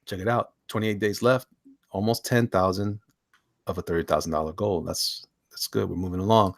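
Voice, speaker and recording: A man's voice: on the low side, lively intonation, fast, creaky, no room sound, studio quality. A man hosting a casual chat show, flipping through comics, often laughing and repeating himself. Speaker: host.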